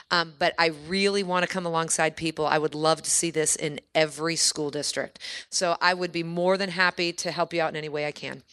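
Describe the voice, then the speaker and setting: A woman's voice: lowish voice, bright, forceful tone. A woman who runs a kids camp, speaking earnestly and enthusiastically at a church meeting and answering questions from the audience.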